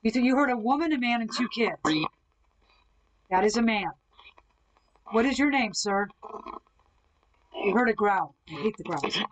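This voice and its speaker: A woman's voice: fairly high pitch, moderate pace, pauses often, slight background noise, rough recording. Woman coaxing spirits on a livestream. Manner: calm, coaxing questions to spirits. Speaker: ghost hunter host. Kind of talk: live-streamed spirit box session. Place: indoors at someone else's home.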